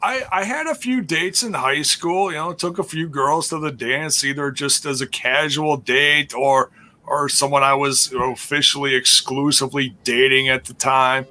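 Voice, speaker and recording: A man's voice: medium pitch, steady tone, moderate pace, pushed and bright. A man co-hosting a wrestling podcast in casual chat, joking around and slipping into silly voices. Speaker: podcast co-host.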